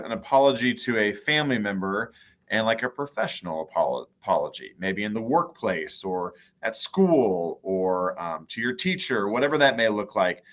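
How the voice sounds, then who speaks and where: A man's voice: mid-range voice, fairly bright tone. A man hosting a video call conversation, asking questions in a casual way with some hesitant restarts. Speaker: host.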